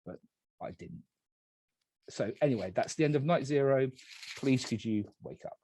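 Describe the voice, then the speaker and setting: Husky man moderating a game. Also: medium pitch, moderate pace, no room sound. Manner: calm, polite, narrating night phases. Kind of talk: running an online party game.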